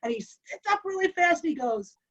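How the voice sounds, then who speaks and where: A woman telling an emotional personal story, animated and acting out the dialogue. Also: very high-pitched, a little fast, dull audio. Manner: animated, acts out quoted dialogue.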